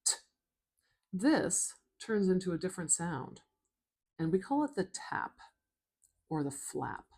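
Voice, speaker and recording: A woman with a North American accent walks learners through phonetic transcription in a low, gentle voice. She speaks slowly and lingers over each sound, in a soothing instructional manner. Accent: North American English. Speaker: phonetics teacher; former children's speech worker. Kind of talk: slow, soothing instructional talk.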